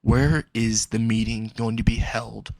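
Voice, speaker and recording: A man voicing a sadistic young man who calmly taunts his captive in a storybook reading. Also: mid-range voice, a little slow, creaky, dry recording. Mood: cold taunting. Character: sadistic young man, cold calm torturer.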